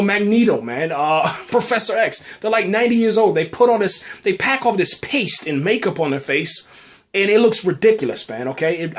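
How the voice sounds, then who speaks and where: Male podcast host with a higher-pitched voice, casual and ranting. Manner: animated ranting, full of "you know what I'm saying" and "man". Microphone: podcast mic.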